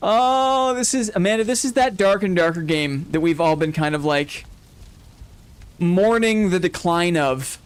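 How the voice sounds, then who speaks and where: A man streaming a game live, commenting casually and getting excited and gushing as he explores. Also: high-pitched, a little slow, long pauses, clear, resonant tone. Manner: excitable, gushing, laughs often.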